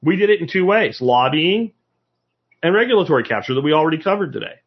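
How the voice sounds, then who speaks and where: A husky, slightly breathy American man talks to a live audience in a loose, opinionated way, leaning on emphasis and rhetorical questions. The recording sounds dull and lo-fi. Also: fairly high pitch, sing-song, quick pace. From United States. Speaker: speaker addressing a live audience. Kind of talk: casual opinionated lecture.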